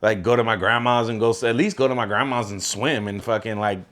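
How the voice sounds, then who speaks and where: A man's voice: fairly low pitch, fairly even intonation, brisk, fairly bright tone. A young man co-hosting a podcast, telling a story in laid-back, joking, profane chat. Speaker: podcast co-host. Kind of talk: casual chat.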